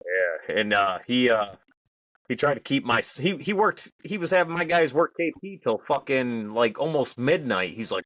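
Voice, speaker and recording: A man's voice: mid-range voice, sing-song, moderate pace, a bit bright, dry recording, low-quality recording. Man, army veteran, casual storytelling, swears a lot, laughs often, dry close mic. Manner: profane, laughs often while telling stories. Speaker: podcast co-host, army veteran.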